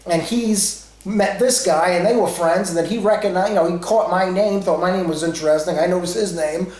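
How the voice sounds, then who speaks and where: A man's voice: high voice, a little fast, a little mellow, roomy sound, low-quality recording. A man from Rhode Island in his forties with a New England accent, telling a rambling story full of asides. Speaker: vlogger. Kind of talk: casual storytelling.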